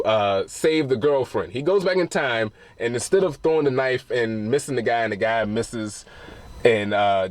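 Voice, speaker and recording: A man giving a casual, rambling spoiler review of a film, retelling scenes with plenty of swearing. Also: mid-range voice.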